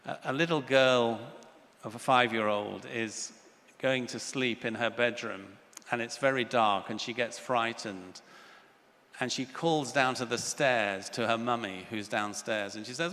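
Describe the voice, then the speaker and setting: A man's voice: medium pitch, a little slow, sharp tone. Earnest older man lecturing in a hall. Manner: earnest, storytelling with child voices. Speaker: conference speaker. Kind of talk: plenary lecture. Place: large conference hall. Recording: reverberant hall, faint ambience.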